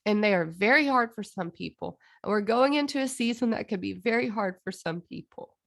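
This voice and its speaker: A woman speaks earnestly and with passion, drawing out key phrases as if preaching to her listeners. Her mid-range voice carries a noticeable gravelly fry. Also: medium pitch, animated, fairly bright tone. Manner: earnest and impassioned, with emphatic drawn-out phrases. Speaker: astrologer. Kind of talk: heartfelt monologue on astrology.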